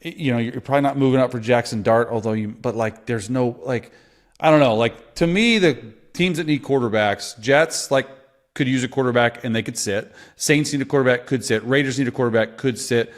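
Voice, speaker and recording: A man's voice: mid-range voice, brisk. Former quarterback as co-host, rambling and casual, mid-range male voice. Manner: rambling, full of likes and restarts. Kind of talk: casual sports talk.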